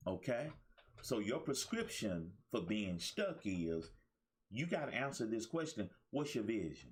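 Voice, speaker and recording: Guy coaching his audience, fairly low voice, swings up and down a lot, preachy and repetitive. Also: very animated, unhurried, a little mellow. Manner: preachy, repeats phrases, calls on listeners. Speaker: life coach and show host. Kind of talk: motivational talk show monologue.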